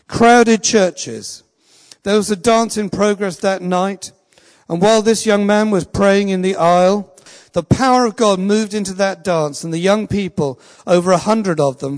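High-voiced preacher in an echoing hall. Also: male voice, darkish tone. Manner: earnest, slow and emphatic, reading a testimony aloud. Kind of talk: sermon. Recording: long reverb of a large hall.

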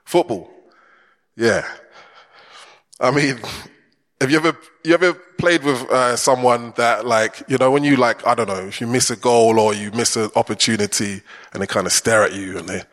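A man's voice: mid-range voice, normal speed, fairly bright tone. A man preaching a chatty, conversational sermon in a church and putting questions to the congregation. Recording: long church hall reverb.

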